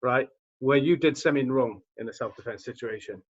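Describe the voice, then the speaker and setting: A man's voice: medium pitch, a little fast, slightly rough, muffled recording. A man interviewing a guest, mostly nodding along with short agreements before asking his own questions. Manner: frequent short agreeing backchannels. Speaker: interviewer, martial arts instructor. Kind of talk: casual interview.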